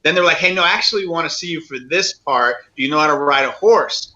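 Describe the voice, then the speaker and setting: Excitable man telling animated stories. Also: a little high, fast talker, dull audio. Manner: animated storyteller, acts out voices, laughs often. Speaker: guest actor and comedian. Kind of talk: casual podcast chat.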